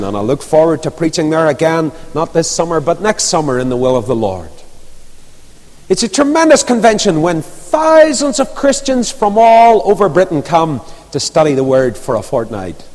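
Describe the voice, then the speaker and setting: A man preaching a sermon, telling stories with lively emphasis. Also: fairly high pitch. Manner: storytelling, animated, rising and falling emphasis. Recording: long reverb of a large hall.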